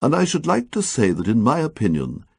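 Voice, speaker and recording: A man's voice: fairly high pitch, wildly swooping pitch, moderate pace, creaky, a little mellow, slightly rough, dry recording, full character voice. A man voicing a prim young man who speaks in a stiff, oddly precise and formal way. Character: Teddy Weeks, a prim young man with odd precise speech.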